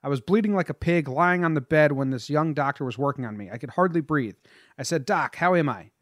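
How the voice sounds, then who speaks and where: Male podcast co-host, slightly high voice, dry close mic, story-reading delivery. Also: lively intonation, a little fast, no room sound. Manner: reads a prepared story, then chats and laughs with his co-host.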